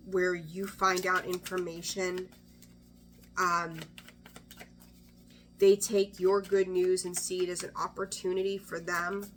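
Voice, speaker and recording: A woman's voice: on the low side, a bit bright, slight background noise. A woman giving a casual weekly tarot reading, chatty and blunt, swearing freely and often trailing off to restart her sentences. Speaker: tarot reader.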